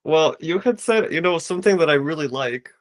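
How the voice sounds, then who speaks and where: Calm man explaining as an astrologer. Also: fairly high pitch, a little fast. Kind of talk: casual consultation.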